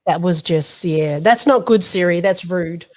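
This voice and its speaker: A woman co-hosting a casual tech podcast, chatting and reading out update notes with quick joking asides. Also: lowish voice, soft background music. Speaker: podcast co-host.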